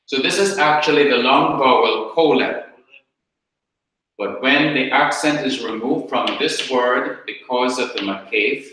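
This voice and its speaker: Man teaching a class real slow, bright voice, super echoey room. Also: mid-range voice. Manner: slow, repeating explanations step by step. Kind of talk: classroom lecture with questions.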